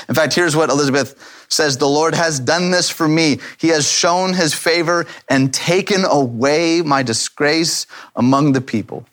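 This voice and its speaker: A man's voice: medium pitch, a bit bright. A man preaching a sermon, reading scripture and commenting on it in a conversational way, often repeating words as he thinks aloud. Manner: reads scripture then comments casually. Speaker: pastor.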